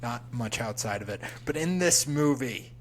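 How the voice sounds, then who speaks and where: A man's voice: medium pitch, animated, moderate pace, a little hiss or hum, poor audio. A man co-hosting a movie podcast, chatting casually and giving enthusiastic, opinionated takes. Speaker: podcast co-host.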